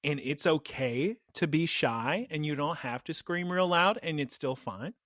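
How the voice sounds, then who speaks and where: A man hosting a podcast, retelling an episode in a lively, animated way in casual chat. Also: fairly high pitch, measured pace, no echo, studio quality. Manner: animated storytelling, voices quotes. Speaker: podcast host recapping an episode.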